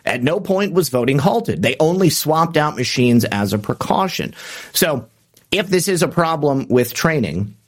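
This political commentary podcast host has a somewhat high voice and delivers his lines animatedly at a measured pace. He reads out quotes, adds sarcastic asides, and often fills gaps with "uh."

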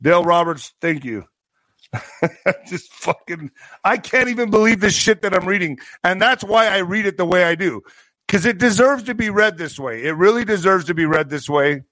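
Sarcastic male streamer reading news, high voice, dry close sound. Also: expressive, moderate pace, pushed and bright, no room sound. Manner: sarcastic, stumbles over words while reading. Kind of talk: casual news commentary.

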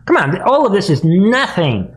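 A man's voice: high-pitched, huge pitch swings, moderate pace, low-quality recording. A man hosting a live political commentary stream, talking in a sarcastic, mocking way and laughing often. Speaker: commentary host.

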